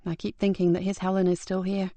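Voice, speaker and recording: A woman voicing a weary female hospital doctor who talks in a low, somber, blunt way. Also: level tone, fast, mellow, no echo, natural voice.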